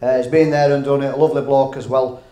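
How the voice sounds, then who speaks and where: A man's voice: medium pitch, flat delivery, quick pace, dark tone. A man introducing a guest speaker at a dinner in a hotel function room, chatty and stumbling over his words. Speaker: master of ceremonies. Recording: echoey room with faint noise.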